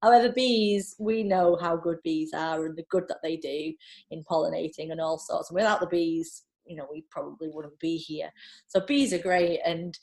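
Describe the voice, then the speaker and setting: A woman's voice: low-pitched, moderate pace, vocal fry. A woman in casual conversation as a podcast guest, telling stories chattily with lots of fillers and laughter. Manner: chatty, animated storytelling with frequent laughs and filler. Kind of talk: casual chat.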